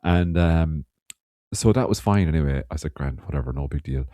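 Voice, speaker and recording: Irish male podcast co-host, rambling storyteller, deep dark voice. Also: normal speed, dry recording. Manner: rambling, swearing, laughs often. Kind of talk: casual chat.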